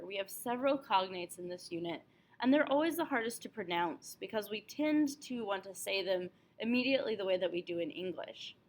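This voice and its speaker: Patient woman reviewing French grammar. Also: mid-range voice. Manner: clear, patient explaining with slowed example phrases. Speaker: French teacher. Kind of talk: test review lesson.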